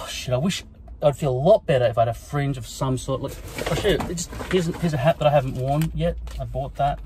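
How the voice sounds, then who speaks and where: A man rambles into his phone camera, tired and sleep-deprived, swearing and running himself down. His voice sits at an ordinary middle pitch, with faint noise from around him. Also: brisk. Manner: profane, self-deprecating, mumbling asides. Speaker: vlogger. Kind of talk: rambling self-recorded rant.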